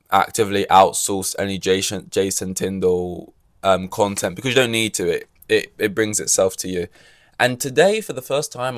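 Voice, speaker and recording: A man from England talks through a casual solo podcast in a rambling, wry way, full of fillers and restarts. His voice sits on the low side and is recorded close and dry, with no room around it. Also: no echo. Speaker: podcast host.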